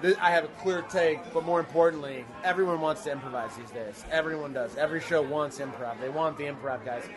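A man's voice: on the high side, fast talker, music in the background. A man in his thirties, a guest actor telling rambling, self-deprecating stories in a casual interview.

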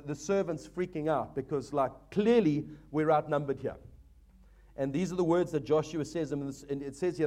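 A man preaching a sermon as pastor, earnest and exhorting, often addressing the congregation as folks. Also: on the high side.

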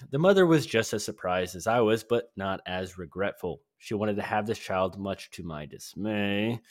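A man's voice: fairly low pitch, takes it slowly, no echo, studio quality. A man voicing a regretful young man reading his letter home in a stilted, overly formal way, using a mock British surfer accent.

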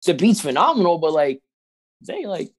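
A man co-hosting a casual podcast, talking in an animated, opinionated and playful way. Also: fairly high pitch, normal speed, breathy edge. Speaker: podcast co-host. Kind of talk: casual chat.

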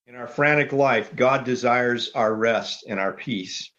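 Measured male pastor, dull lo-fi sound. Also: mid-range voice, fairly bright tone. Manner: measured, orderly, lays out numbered points. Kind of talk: sermon.

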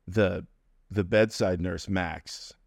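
A man telling a personal story as an interview guest, animated and acting out the people in it. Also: deep voice, slow, gravelly, no echo, clean studio sound. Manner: animated, acts out quoted voices.

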